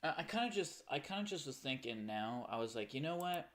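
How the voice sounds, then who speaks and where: A man's voice: medium pitch, very animated, brisk, a bit bright. A young man chatting casually to his audience while streaming a game at home, rambling and often correcting himself. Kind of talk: casual livestream chat.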